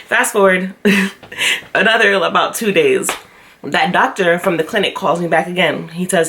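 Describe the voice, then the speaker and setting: A young woman vlogger telling a personal story to camera, chatty and animated, often acting out what others said. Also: on the low side, normal speed, a little hiss or hum. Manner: chatty with frequent fillers. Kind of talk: storytime vlog.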